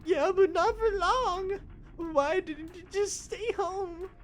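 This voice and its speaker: A man voicing a terrified teenage girl hostage in a high, shaky falsetto. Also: slow pace, soft background music. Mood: tearful panic.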